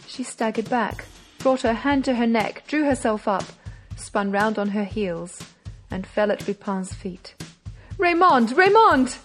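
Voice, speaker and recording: A woman narrating a classic novel as an audiobook, measured and dramatic. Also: medium pitch, fairly even intonation, faint music behind.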